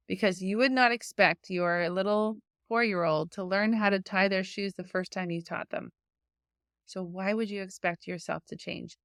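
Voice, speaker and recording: A woman with a smooth, resonant voice that sits a little low talks straight to her listeners as a podcast coach. She rambles in a friendly way, with lots of "like" and restarts. The sound is close and dry. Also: no room sound. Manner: chatty, many fillers and restarts. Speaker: podcast host and life coach for quilters. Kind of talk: casual coaching monologue.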